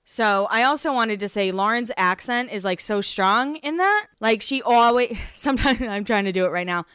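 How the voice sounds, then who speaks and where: Woman podcast host rambling through a recap, smooth clear voice, lots of likes, dry close sound. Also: on the high side, expressive, normal speed, a bit bright, no echo. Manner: chatty, lots of "like" and restarts. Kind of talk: casual recap chat.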